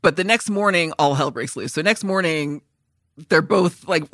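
A woman co-hosting a podcast, chatting casually about a film and loudly acting out its lines with lots of swearing. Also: sits low, moderate pace, no room sound, clean studio sound. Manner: animated, swearing, acts out film lines in loud voices. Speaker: podcast co-host. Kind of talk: casual movie chat.

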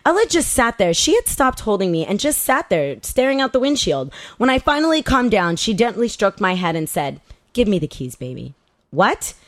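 A woman's voice: a little high, very animated, brisk, hardly any pauses, dry recording. A woman podcast host reading a personal story aloud, candid and profane, laughing at herself along the way.

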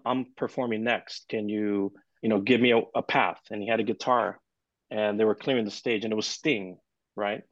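A man being interviewed as a guest percussionist, telling lively stories with lots of "you know" and casual swearing. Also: lowish voice, no room sound. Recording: dull, lo-fi, dry sound.

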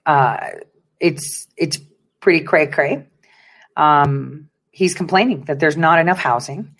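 A woman's voice: sits low, takes it slowly. A woman hosting an online commentary show, speaking in an emphatic, preachy way and repeating phrases for effect. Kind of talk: casual political commentary.

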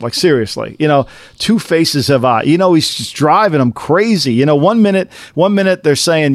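A man co-hosts a casual sports talk show in an animated, fired-up way, his pitch leaping when he's incredulous. His voice sits slightly high. The sound is dry and close, with no room around it. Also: fairly quick, no room sound. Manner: animated, rising to incredulous highs. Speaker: podcast co-host.

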